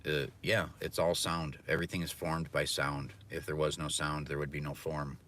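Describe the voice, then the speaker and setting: A man's voice: very deep voice, flat delivery, moderate pace, a bit bright. A man ranting profanely and philosophizing from his car during a casual livestream. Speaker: livestreaming delivery driver.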